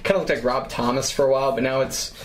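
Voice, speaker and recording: A man's voice: mid-range voice, fairly even intonation, fast, slight background noise. Joking young male podcast co-host. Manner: joking, offhand banter. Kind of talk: casual chat.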